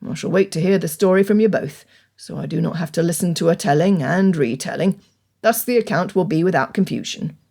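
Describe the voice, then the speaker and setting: A woman reading an audiobook, voicing a stern older male country gentleman with dry, cutting wit and measured speech. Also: on the high side, creaky. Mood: wry.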